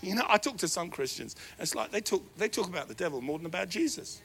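A male pastor delivers an animated sermon, his voice bright and a little high. He jumps between loud, raised emphasis and quiet asides. A faint noise sits under the recording. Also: fast talker.

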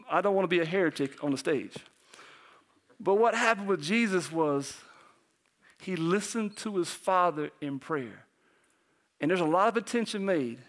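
An animated male pastor preaches with a fairly high pitch, continually turning questions on the congregation. Occasionally his voice sinks to a hushed near-whisper.

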